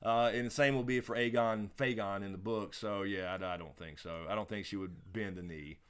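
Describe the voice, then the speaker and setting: A man's voice: lowish voice, steady tone, a little fast, fairly bright tone, clear, resonant tone. A man co-hosting a casual live question-and-answer stream, laid-back, laughing often and swearing freely. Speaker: livestream co-host.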